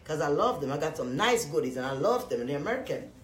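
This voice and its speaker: Loud, profane Jamaican woman in an echoey room. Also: low-pitched, quick pace, slight background noise. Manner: profane, loud and animated with frequent laughs. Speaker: live-stream host. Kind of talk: casual rambling chat to viewers.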